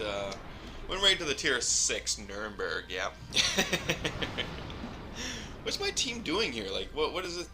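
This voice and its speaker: A man giving casual, rambling live commentary over his own gameplay, chuckling often and filling pauses with ums. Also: mid-range voice, noisy background.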